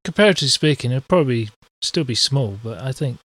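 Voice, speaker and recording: A man's voice: medium pitch, animated, fast, a bit bright, no room sound. A man co-hosting a podcast in casual chat, hesitant and hedging as he talks. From Britain. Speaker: podcast co-host.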